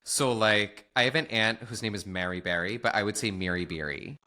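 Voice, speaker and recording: A man from Syracuse, New York, co-hosting a podcast in casual chat, gushing and quick to laugh. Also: on the low side, bright, forceful tone. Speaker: podcast co-host.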